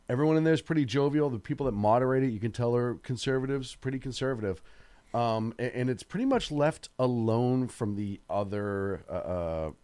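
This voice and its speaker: A man co-hosting a talk radio show, talking in halting starts and fillers and giving strong opinions. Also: medium pitch, darkish tone, clean tone, no room sound. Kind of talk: casual talk radio discussion.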